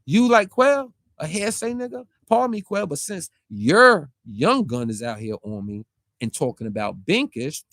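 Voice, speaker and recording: A man's voice: fairly high pitch, very animated, a bit bright, dry recording, clean studio sound. A man delivering a heated, confrontational street-talk rant, firing rhetorical questions and mocking the person he calls out. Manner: confrontational, rapid-fire rhetorical questions, mocking quoted voices. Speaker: online commentator.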